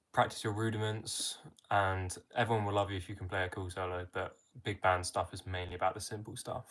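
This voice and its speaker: A young man with an English accent, casually reading out and answering viewer comments on a live stream. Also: on the low side. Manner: chatty, reads viewer comments aloud, friendly filler "mate". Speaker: livestream host answering chat.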